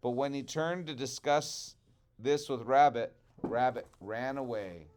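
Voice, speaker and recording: A male teacher reading a storybook aloud to children, expressive and chatty, stopping for asides with the class. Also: mid-range voice, unhurried, smooth.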